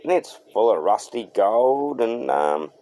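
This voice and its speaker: A deep, gravelly Australian man spins a yarn for his car channel. He talks slowly and laid-back, full of slang, and acts out what others said. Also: very animated, warm tone. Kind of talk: storytelling to camera.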